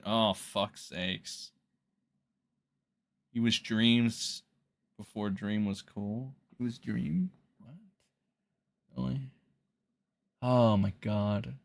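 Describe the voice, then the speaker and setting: Gravelly and on the low side, this man's voice carries loose, rambling livestream commentary on drama. He's blunt and profane as he reacts to his chat.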